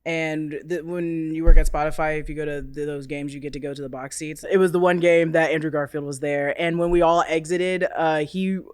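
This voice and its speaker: A woman co-hosting a casual pop-culture chat show, talking in an animated way with frequent laughs and restarted sentences. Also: low voice, fairly quick, few pauses, smooth, no echo, studio quality. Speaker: co-host.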